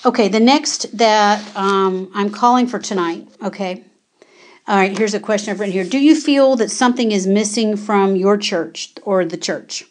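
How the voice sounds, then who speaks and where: A woman's voice: medium pitch, normal speed. A woman preaching an urgent prophetic warning, giving repeated commands and asking her listeners pointed rhetorical questions.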